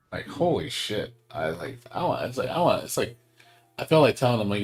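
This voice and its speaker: A man with a fairly low voice rants to his viewers while he plays, swearing freely and stumbling through fillers and restarts. Faint game music runs under his casual streaming chat. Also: lively intonation, brisk. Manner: ranting, swears a lot, lots of fillers.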